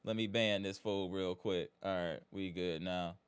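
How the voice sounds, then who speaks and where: Man, live stream host, shouting out chat names, smooth tone. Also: deep voice, fairly even intonation, a little slow. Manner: hype, greets chat by name, frustrated. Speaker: livestream host.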